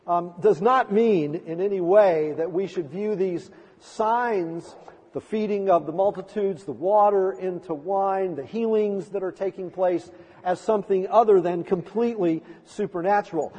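A man's voice: high-pitched, a little slow, a little mellow, breathy edge, highs cut off. A middle-aged male pastor preaching a sermon in a church, earnest with storytelling asides. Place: church sanctuary. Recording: long church reverb.

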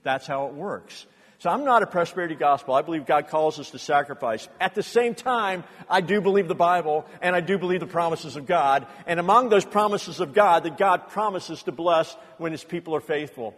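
A middle-aged man preaching a sermon as pastor, telling personal stories earnestly and rising to loud impassioned bursts. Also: on the high side, brisk. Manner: earnest storytelling, builds to loud impassioned outbursts. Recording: long reverb of a large hall.

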